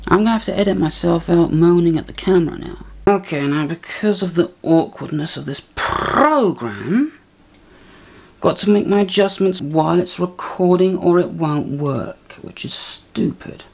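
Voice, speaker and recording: Fiddling with her camera and gear, a woman rambles casually in her vlog, grumbling and muttering self-mockingly. Her voice is lowish and gravelly, at normal speed.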